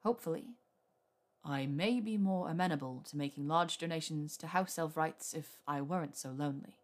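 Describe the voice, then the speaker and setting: A woman reading aloud puts on a lovestruck young wizard man with a dropped, husky-low murmur. He talks dryly and teasingly, with a hint of nerves under the charm. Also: fast, natural voice.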